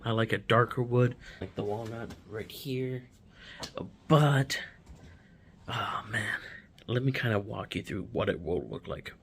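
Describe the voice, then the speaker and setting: A man's voice: fairly low pitch, unhurried, fairly bright tone, slight background noise. A young man, casually touring his home office in a vlog, his breathing audible as he talks.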